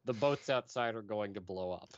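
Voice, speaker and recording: Low-voiced, dry-joking man at a game table. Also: moderate pace. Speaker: player. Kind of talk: casual tabletop game chat. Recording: dull lo-fi mic, faint hiss.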